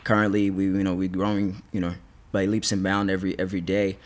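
A man's voice: low voice, level tone, fast talker. A man, a fighter guest on a podcast, telling stories in a rambling, casual way with frequent restarts. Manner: rambling, restarts, laughs often. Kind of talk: casual storytelling interview.

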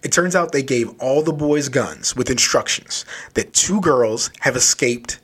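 A man casually recapping a children's horror story, loose and animated, with lots of filler words. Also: mid-range voice, measured pace, breathy edge. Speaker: book reviewer.

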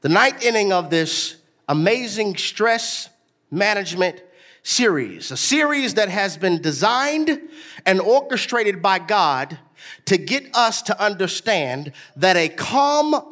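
A pastor preaches to his congregation in a high, animated, bright voice. He tells stories gently, then rises into shouted, half-sung exhortation. He leads the room in call-and-response. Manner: swings between soft storytelling and shouted, half-sung exhortation. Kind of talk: sermon. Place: church sanctuary with a live congregation.

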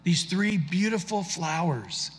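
Male pastor preaching, husky, slightly high voice, long hall reverb. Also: animated, takes it slowly. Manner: earnest, conversational preaching with restarts. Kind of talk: sermon.

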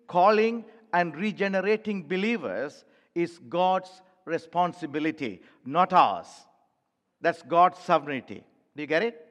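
A male pastor delivers an emphatic sermon, his voice sitting high for a man. He speaks straight to the congregation, calling them church. The sound carries a long reverb from a large sanctuary. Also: a bit bright.

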